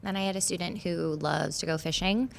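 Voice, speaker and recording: Woman teacher, low gravelly voice, earnest podcast guest, faint rumble behind. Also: brisk. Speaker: fourth grade teacher. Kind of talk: podcast conversation.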